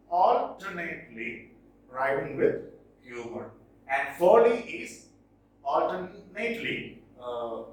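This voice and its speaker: A man, lecturing on poetry as a teacher, stressing and repeating key words slowly. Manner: emphatic, repeats key words slowly, with lively pitch jumps. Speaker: English teacher. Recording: roomy echo, distant from mic.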